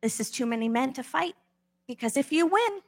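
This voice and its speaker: A woman's voice: sits high, animated, fairly quick, voice pushed up. A woman in a sermon voicing God as patient and wry, talking in a laid-back, matter-of-fact way. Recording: long echo of a large hall.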